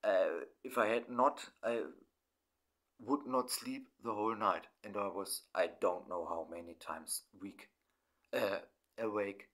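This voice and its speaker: A middle-aged German man speaking in halting, broken English. He talks through his feelings in a personal monologue and swears often. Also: fairly low pitch, a bit bright. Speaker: vlogger.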